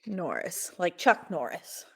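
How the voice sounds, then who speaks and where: A woman's voice: on the low side, sing-song, slow pace, gravelly, fairly bright tone, husky. A woman co-hosting a podcast, recapping a horror movie in casual chat, rambling with fillers and laughs. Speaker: podcast co-host.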